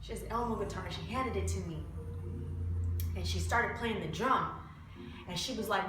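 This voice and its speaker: A young woman telling a heartfelt personal story, close to tears, moving between hushed and loud, pleading passages. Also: mid-range voice, moderate pace, pauses often, heavy reverb, recorded from a distance, background noise. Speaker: vlogger.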